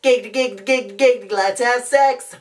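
A man doing Quagmire, high leering chant. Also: quick pace, faint music behind. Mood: lecherous. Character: lecherous grinning male cartoon neighbor. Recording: distant home mic.

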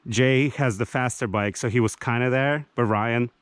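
A medium-pitched man speaking at a moderate pace vlogs from a forest campsite, teasing his friends. His talk is rambling and jokey, in the manner of a casual camping vlog.

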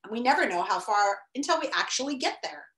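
A woman's voice: fairly high pitch, expressive, fairly quick, a bit bright. A woman voicing a curious, earnest young boy who asks questions, in a roomy echo.

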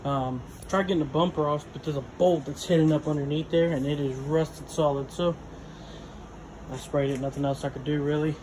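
In his home garage, a garage vlogger works on a vehicle and narrates casually, rambling, using plenty of fillers and occasionally running out of breath as he wrenches. His voice is a little high and darkish, with fairly even intonation at a normal speed, over a little hiss or hum.

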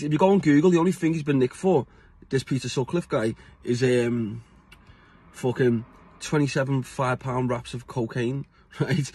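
Husky, sweary British man ranting. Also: mid-range voice, a little mellow. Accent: British English. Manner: blunt, sweary, laughs often between points. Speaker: vlogger. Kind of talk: casual rant to camera.

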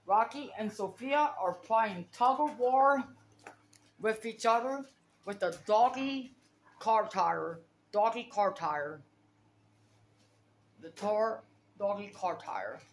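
A woman's voice: mid-range voice, takes it slowly, long pauses, echoey room, a little hiss or hum. A woman filming her dogs at home, coaxing and scolding them between commands. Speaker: dog owner filming her pets. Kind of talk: casual home vlog narration. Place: home, near a kitchen.

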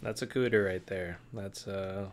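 A man's voice: low-pitched, fairly even intonation, unhurried, soft background music. A young man streaming a game, reacting with profane jokes and sudden yelps. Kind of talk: gameplay commentary.

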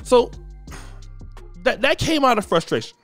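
A man's voice: very high-pitched, very animated, a little slow, fairly bright tone, soft background music. A man hosting a commentary show, talking emphatically and repeating words as he makes his point. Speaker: commentary host. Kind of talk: casual commentary.

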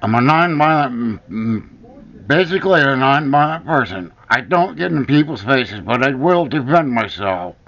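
A vlogger airs a heated personal grievance to the camera, cursing and pounding on his accusations repeatedly. His medium-pitched voice is animated and fairly bright, at a moderate pace, in a dull lo-fi recording.

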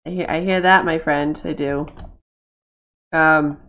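A woman from Massachusetts chatting casually while streaming a game, going high and excited over her game cats. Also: a little slow, dull audio.

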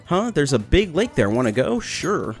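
A man's voice: on the high side, big pitch swings, normal speed, soft background music. Joking, swearing young gamer guy. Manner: joking and profane, laughs often. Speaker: let's play gamer. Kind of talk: casual gameplay commentary.

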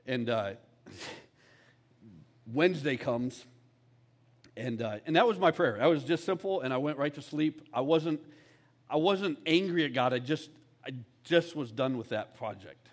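A man's voice: medium pitch, expressive, a little slow, pauses often. Candid man preaching a casual sermon. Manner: conversational, candid, often asks "all right?". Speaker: executive pastor. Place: church.

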